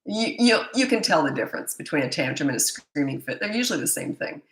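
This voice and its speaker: A woman's voice: sits low, very animated, quick pace, fairly bright tone, roomy sound, rough recording. Blunt, chatty woman parenting coach. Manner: chatty and blunt, with stammered restarts. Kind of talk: live Q&A answering viewer comments.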